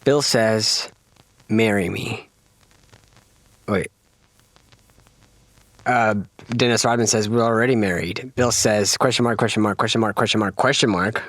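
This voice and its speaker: A man co-hosting a podcast, reading silly generated chats aloud with quick, amused delivery. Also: on the low side, steady tone, a bit bright, no room sound. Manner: fast, amused reading with frequent laughs. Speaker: podcast co-host. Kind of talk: casual chat, reading AI texts aloud.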